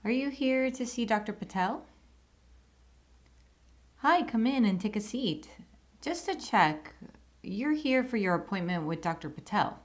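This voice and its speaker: Woman reading a courteous female receptionist with a fairly high voice, polite and friendly, for short lesson dialogues. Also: expressive, unhurried, pauses often.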